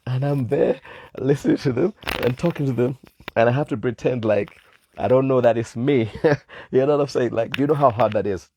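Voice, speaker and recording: A man DJ from Malawi telling a personal story in casual chat, animated, laughing often and acting out the people he quotes. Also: medium pitch, moderate pace, husky. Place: live stream.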